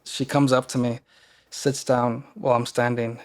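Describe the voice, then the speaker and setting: A man with a voice of middle pitch tells a personal story as a guest on a podcast. His delivery is casual and earnest. He often halts, backs up and restarts his sentences as he works through what he wants to say. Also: flat delivery. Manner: halting, many fillers and restarts, earnest.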